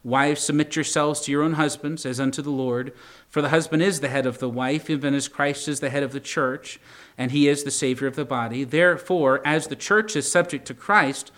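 Man, young adult, pastor, conversational sermon, mid-pitched voice. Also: normal speed, a bit bright. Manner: conversational preaching with asides to the congregation.

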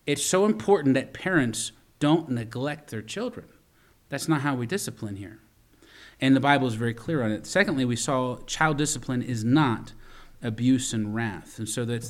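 Man preaching with loud swings. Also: medium pitch. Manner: storytelling preacher, swings from loud emphasis to quiet asides; repeats words and restarts lines while preaching. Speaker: pastor. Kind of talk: sermon.

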